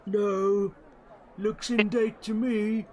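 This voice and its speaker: A man's voice: high voice, level tone, extremely slow, darkish tone, a faint crowd, slight background noise, pitched above the performer's own voice. A man voicing a very old, forgetful gnome tinkerer who sells clockwork toys, speaking in a quavering, hesitant way full of ums and uhs. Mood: doddering.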